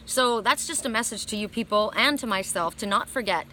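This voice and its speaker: A woman's voice: medium pitch, fairly quick, sharp tone, slight background noise. A woman oracle card reader telling her viewers a story in an earnest, emphatic way, recorded outdoors. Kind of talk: casual spiritual talk to viewers.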